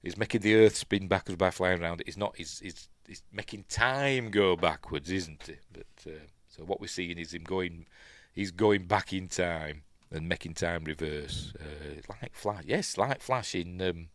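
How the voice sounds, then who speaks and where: A man's voice: low voice, measured pace, dry recording. A man with a Yorkshire accent giving a casual, rambling review while watching a film, full of fillers and chuckling asides. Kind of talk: casual commentary over a film.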